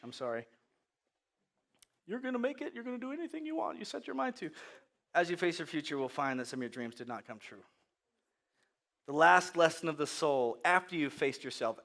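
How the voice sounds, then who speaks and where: A man preaching a sermon as pastor, moving from hushed, quiet lines to loud, animated storytelling. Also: on the high side.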